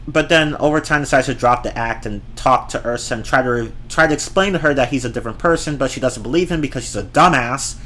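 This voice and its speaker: A man's voice: mid-range voice, fairly bright tone. Guy ranting about movies, fed up, cussing, tripping over his words a bit. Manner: exasperated, profane, repeats and restarts words. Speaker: movie reviewer.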